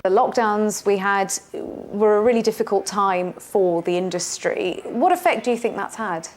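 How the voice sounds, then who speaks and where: A woman's voice: medium pitch, moderate pace, slight background noise. A woman interviewer asking breezy, lightly teasing questions. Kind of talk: casual interview.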